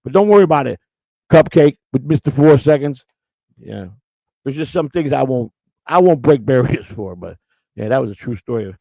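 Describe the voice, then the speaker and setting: Gravelly-voiced man teasing his chat. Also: mid-range voice, animated, normal speed, dark tone, no echo, rough recording. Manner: loose, joking, teasing chat users by name. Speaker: podcast host. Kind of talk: crude live-chat banter.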